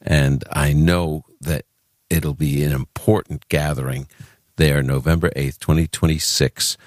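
A man's voice: a bass voice, fairly even intonation, measured pace, no room sound. A man from Brooklyn with a New York accent, hosting a Christian call-in radio show in a chatty, earnest way with frequent restarts. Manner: chatty, self-interrupting, earnest.

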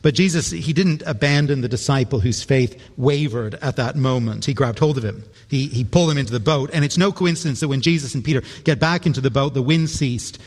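A man's voice: mid-range voice, a little fast, few pauses, a little mellow. A man preaching a sermon in an earnest way, often repeating a word as he restarts. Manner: earnest, with stumbling repeated words. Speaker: pastor. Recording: long reverb of a large hall.

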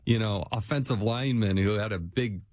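A man hosting a casual interview, talking in a relaxed conversational way and asking short questions. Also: lowish voice, a little fast, no room sound, clean studio sound. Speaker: host.

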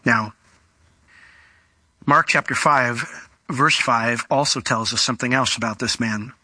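A man preaching a sermon in an animated way, slowing down and speeding up as he tells a Bible story. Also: medium pitch, dry recording. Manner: animated, acts out quoted voices, varies pace.

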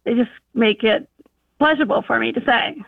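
A woman from North Dakota calling in by phone, speaking slowly and earnestly with ums. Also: fairly high pitch, vocal fry, no room sound. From North Dakota, USA. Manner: earnest, slow and thoughtful, with ums. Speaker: caller. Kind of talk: phone-in chat. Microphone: telephone. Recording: tinny phone line.

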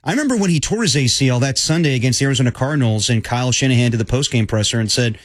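Fast-talking opinionated male co-host. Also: medium pitch, dry recording. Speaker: podcast co-host. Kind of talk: casual sports chat.

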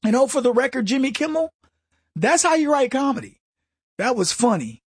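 A man hosting a political talk radio show, ranting in an animated monologue with mocking put-on voices and frequent restarts. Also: very high voice, moderate pace, husky, dry recording, clean studio sound.

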